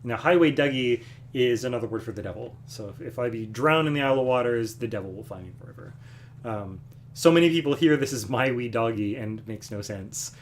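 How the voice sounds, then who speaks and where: A man hosting a music livestream from home, casually explaining a song between numbers, relaxed and rambling with fillers. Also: mid-range voice, brisk, slight background noise. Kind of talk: casual chat between songs. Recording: guitar playing loudly behind.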